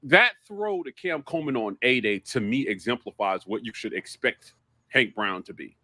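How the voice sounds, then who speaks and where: A man co-hosting a sports podcast, animated and excitable, jumping in often on a close mic. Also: mid-range voice, normal speed, dry recording. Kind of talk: casual sports talk.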